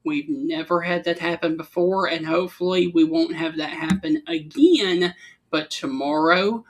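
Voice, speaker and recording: A man hosting a chat show, adding short replies and then closing the episode in a steady, practiced way. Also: on the high side. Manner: brief backchannel, then smooth scripted wrap-up. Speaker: host. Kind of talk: casual chat and show sign-off.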